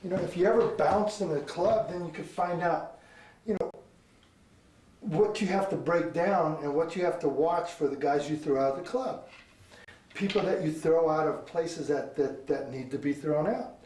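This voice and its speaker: A martial arts instructor talks through a demonstration in a fairly high voice, bursting out with sharp sound effects to mark each strike. He is picked up from a distance, and the roomy space gives his voice a clear echo. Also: moderate pace, a little hiss or hum. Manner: animated, punctuates with sound effects like "boom" and "bang". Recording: echoey room, mic far off.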